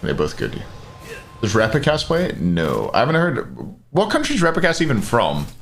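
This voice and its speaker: A young esports caster covers a live match, rambling, joking between plays, and swearing casually as he mixes commentary with banter. His mid-range voice swoops wildly in pitch, carries vocal fry, and moves at normal speed. Faint background noise and clicks can be heard.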